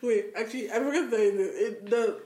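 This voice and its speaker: A young woman co-hosting a podcast in a loose, chatty way, breaking into laughter as she tells her stories. Her voice sits a little high and swings widely in pitch. The sound is roomy with a clear echo. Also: brisk. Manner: laughs often, animated storytelling. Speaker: podcast co-host. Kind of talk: casual chat.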